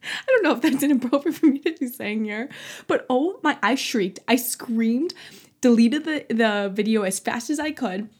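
A woman's voice: on the high side, normal speed. Chatty young woman telling a story. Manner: chatty and animated, frequent "like" and "um", laughing often. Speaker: podcast host. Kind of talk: casual storytelling monologue.

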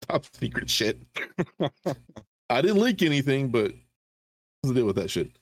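A middle-aged man swaps stories in loose, foul-mouthed chat, laughing at his own jokes as he goes. His voice sits at an ordinary middle pitch. The sound is close and dry, with no room around it. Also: big pitch swings, measured pace, dry recording. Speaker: veteran podcast co-host. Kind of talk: casual storytelling chat.

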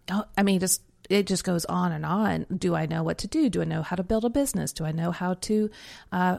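A woman's voice: lowish voice, creaky, a little mellow. A woman in her forties, co-hosting a podcast, telling stories in a reflective, chatty way with many fillers. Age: 40s. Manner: reflective storytelling with frequent fillers and laughs. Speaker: podcast co-host and Enneagram coach. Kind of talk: casual podcast conversation.

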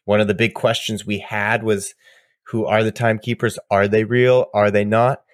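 Casual podcast co-host, male, animated, restarts a lot, dry mic. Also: lowish voice, moderate pace, no room sound. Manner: excitable, laughing, rambling with restarts. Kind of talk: casual chat.

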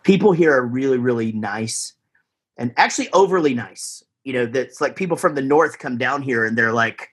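A Texan man appears as a guest musician on a podcast, chatting in a rambling, easygoing way full of fillers and restarts. His medium-pitched voice is slightly rough, with lively intonation and a moderate pace.

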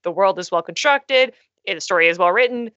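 A woman with a bright, forward voice co-hosts a casual podcast, wry and frank in her opinions. The sound is dull and lo-fi, with a dry, close feel. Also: medium pitch, animated, a little fast, no room sound. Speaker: podcast co-host. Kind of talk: casual chat.

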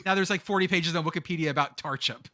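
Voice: medium pitch, fast, pushed and bright, dry recording, studio quality. A podcast host in casual banter, rambling and joking, swearing freely.

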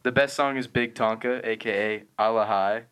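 A man's voice: fairly low pitch, steady tone, moderate pace, fairly bright tone, clean tone. A young man chatting on a podcast in a laid-back, rambling way. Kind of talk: casual chat.

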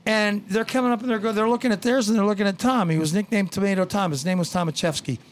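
A man's voice: high voice, fairly even intonation, quick pace. A man hosting a casual radio garden show, telling rambling stories with blunt asides.

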